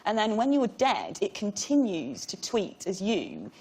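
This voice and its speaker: A woman on a comedy panel show, joking in a quick, deadpan, whimsical way. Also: mid-range voice, breathy edge.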